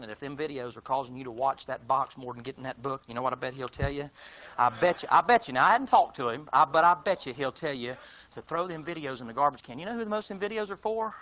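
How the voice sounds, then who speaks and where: A man preaching a fiery, folksy sermon. He mocks his listeners and swings between shouting and hushed tones. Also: mid-range voice, lively intonation, fast, poor audio.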